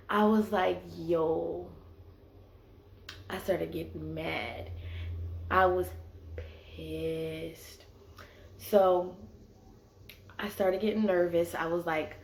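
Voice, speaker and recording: Young woman, low voice, slangy, animated storytelling, roomy echo. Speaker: vlogger. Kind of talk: casual storytelling. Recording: echoey room.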